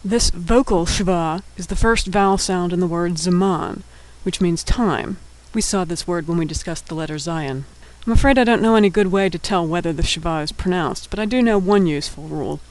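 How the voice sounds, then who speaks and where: A man's voice: high voice, moderate pace, few pauses, rough recording. A man teaching a Hebrew alphabet lesson, patiently sounding out words syllable by syllable.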